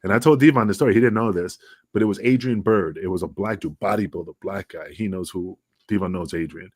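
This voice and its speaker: A middle-aged man spins his stories in a fairly low voice. He jumps into the quoted lines with real energy. The sound is close and dry over a remote call. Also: fast talker, no room sound. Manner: animated, acts out dialogue with raised voice. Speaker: wrestling podcast guest. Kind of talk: casual storytelling interview. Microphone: remote video call.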